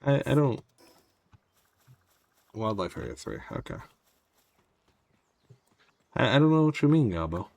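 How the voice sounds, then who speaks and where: A man's voice: mid-range voice, huge pitch swings, measured pace, vocal fry, pauses often, a little mellow, dry recording. A man streaming a game, chatting casually and wryly with his viewers as he plays. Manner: rambling, wry, talks to chat. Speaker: gaming streamer. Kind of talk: casual gameplay commentary.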